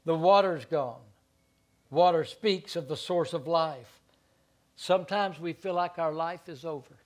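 A man preaching a sermon as pastor, stammering into repeated words and moving between quiet asides and loud stretches. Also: on the high side.

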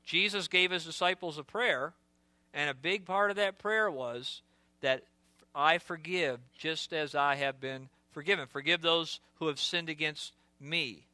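Male pastor preaching a sermon: bright, smooth, slightly higher voice, earnest delivery. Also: measured pace, dry recording. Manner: earnest preaching, drops to a hushed voice for storytelling asides.

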